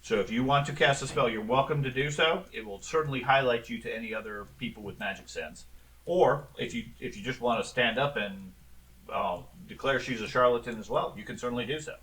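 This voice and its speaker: A man runs a tabletop game, describing the scene in an easygoing way full of ums and restarts. His voice is bright and ringing. He sits a little away from the microphone. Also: medium pitch, brisk, distant mic, slight background noise, poor audio. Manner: relaxed, with frequent ums and restarts. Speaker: game master.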